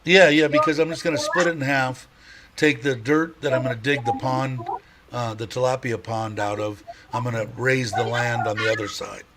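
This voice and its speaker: A man's voice: medium pitch, fairly even intonation, normal speed, very noisy. A middle-aged man hosting a casual livestream, rambling and chatty, laughing often and stopping to restart his sentences. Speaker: livestream host.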